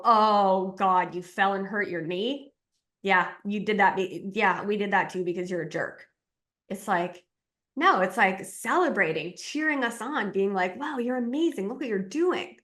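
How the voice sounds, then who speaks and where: Woman as a spiritual coach, animated, acts out inner voices, mid-pitched voice.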